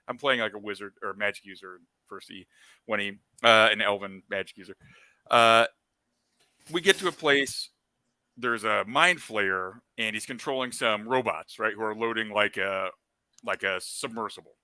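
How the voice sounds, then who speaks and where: A man with a strikingly bright, forceful voice rambles through gaming anecdotes, stacking up fillers and excited asides. The sound is close and very dry, with no room around it. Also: fairly low pitch, normal speed, dry recording. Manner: excitable and animated when retelling. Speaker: special guest on a gaming talk show. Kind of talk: casual storytelling chat.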